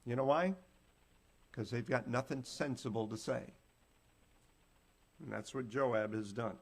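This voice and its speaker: Guy with a gravelly voice walking folks through a bible story, plain folksy talk, acts out the lines. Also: medium pitch, unhurried. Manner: retells scripture in plain folksy words, acting out the quotes. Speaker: preacher. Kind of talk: Bible teaching sermon.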